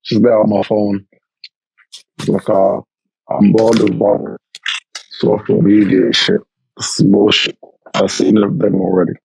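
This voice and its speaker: A man's voice: lowish voice, flat delivery, unhurried, gravelly, long pauses, darkish tone, a little hiss or hum, poor audio. A young man, co-hosting a podcast over a remote call, telling stories in a laid-back, slangy way. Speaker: podcast co-host. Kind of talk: casual chat.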